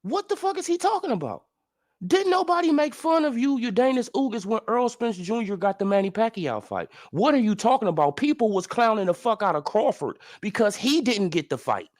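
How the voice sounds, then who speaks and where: Profane, animated man ranting about boxing. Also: high voice, a little fast. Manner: profane, incredulous, heated rhetorical questions. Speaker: boxing commentary vlogger. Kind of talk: ranting sports commentary.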